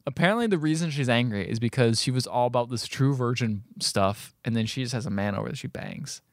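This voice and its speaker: A man co-hosting a casual podcast chat, recapping a movie and acting out its lines in quick impressions. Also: mid-range voice, lively intonation, no echo, clean studio sound.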